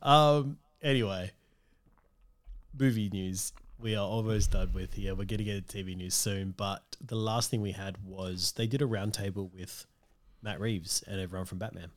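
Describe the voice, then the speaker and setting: A man's voice: fairly low pitch, steady tone, normal speed. A man hosting a casual movie-news chat, rambling and trailing off with ums. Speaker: podcast host.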